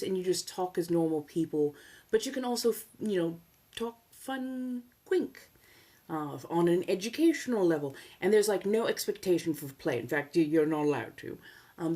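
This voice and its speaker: A woman hosting a soft-spoken ASMR livestream in a put-on 1700s colonial American accent, chatting casually and teasing her viewers with a playful edge. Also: fairly low pitch, lively intonation, moderate pace. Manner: teasing, playful with chat, laughs often.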